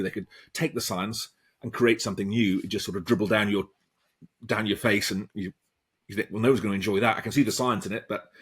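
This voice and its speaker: A professor talks through an interview in a loose, rambling way, often restarting his sentences. His voice sits low and has a husky edge. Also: fairly bright tone. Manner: rambling, many ums and restarts. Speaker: professor and author, interview guest. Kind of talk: conversational interview answers.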